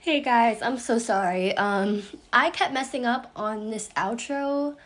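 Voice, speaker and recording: A woman's voice: fairly high pitch, a little slow, hardly any pauses. A young woman hosting a podcast, bubbly and giggly, who stumbles over her words and restarts her intro again and again. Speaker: podcast host. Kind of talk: casual blooper reel of podcast intros.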